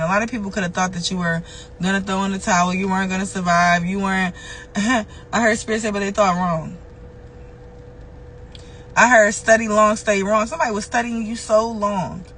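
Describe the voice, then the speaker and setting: A tarot reader gives a loose, conversational spiritual reading, swearing freely and repeating phrases for emphasis. Her voice is medium-pitched with a fairly bright tone, though the audio is poor.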